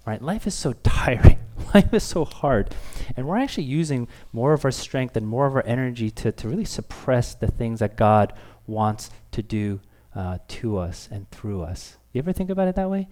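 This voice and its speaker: A man's voice: medium pitch, very animated, normal speed, hardly any pauses, darkish tone. A man in his thirties, a pastor preaching a sermon, talking candidly and self-deprecatingly, with playful acted quotes.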